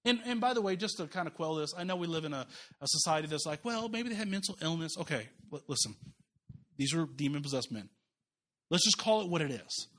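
Pastor, man, high voice, animated conversational sermon with asides. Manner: animated, conversational preaching with quick asides and repeated restarts. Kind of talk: sermon with scripture reading.

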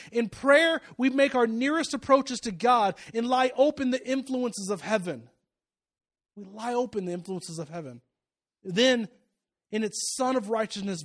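A male pastor with a high voice preaches a sermon and shares a personal story. He shifts from loud, rising exhortation to quiet, confiding asides.

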